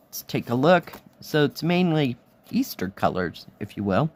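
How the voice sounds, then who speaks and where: A woman with a hoarse, fading voice, chatting casually through a craft kit review, admiring the pieces and counting aloud as she goes. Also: a bass voice, sing-song, a little slow, a little mellow. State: hoarse, losing her voice. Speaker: cross-stitch vlogger.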